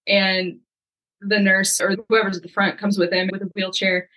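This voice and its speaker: Bright-voiced young woman telling a story. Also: medium pitch, normal speed, low-quality recording. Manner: lively, acts out quoted dialogue. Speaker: podcast guest. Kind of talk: casual storytelling.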